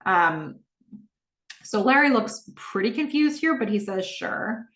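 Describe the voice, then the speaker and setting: A woman's voice: medium pitch, animated, measured pace, fairly bright tone. A woman hosting a podcast, casually recapping a TV episode and acting out the characters' lines. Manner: chatty, acts out lines of dialogue. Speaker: podcast host. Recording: echoey room, distant mic.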